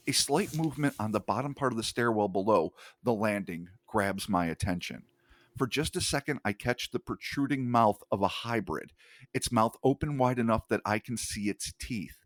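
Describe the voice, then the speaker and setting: A male podcast host reading an account aloud in a hushed, measured way, with casual swearing in his asides. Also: mid-range voice, no echo.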